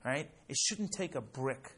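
A man's voice: medium pitch, a little slow, slightly rough. Chatty male teacher telling a story. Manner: chatty, many fillers and "right?" check-ins, rising when animated. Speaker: Torah teacher. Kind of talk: casual classroom lecture with storytelling.

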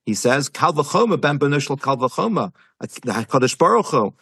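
Man with explaining torah, earnest, keeps rephrasing, husky, dry close sound. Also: mid-range voice, sing-song, moderate pace, fairly bright tone, no echo. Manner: earnest, repeats and rephrases, mixes Hebrew terms. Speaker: Torah teacher. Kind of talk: explaining a Jewish text to a listener.

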